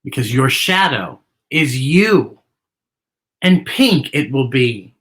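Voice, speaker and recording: Lively woman reading a storybook to kids. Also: low voice, slow. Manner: animated, talks directly to young viewers. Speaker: children's story time host. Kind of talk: reading a picture book aloud to children.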